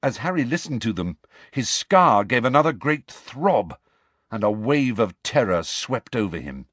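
A man reading a story aloud in a dramatic, expressive narration. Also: medium pitch, measured pace, no room sound. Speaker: audiobook narrator. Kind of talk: scripted narration.

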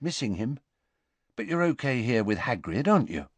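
A man voicing an earnest, plucky teenage schoolboy wizard in an audiobook reading, determined and quietly defiant. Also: high voice, wildly swooping pitch, slow pace, no room sound, voice pushed up, full character voice. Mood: gentle.

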